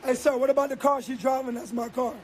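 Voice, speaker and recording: Agitated man, strikingly high voice, shouting profanities in an outdoor standoff. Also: level tone, fast. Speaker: homeowner arguing with police.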